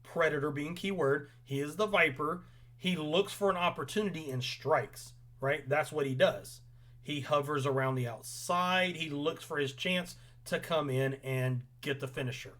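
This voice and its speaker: A man's voice: a little high, moderate pace, fairly bright tone. A young man hosting a casual wrestling recap, opinionated and rambling with frequent ums. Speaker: podcast host.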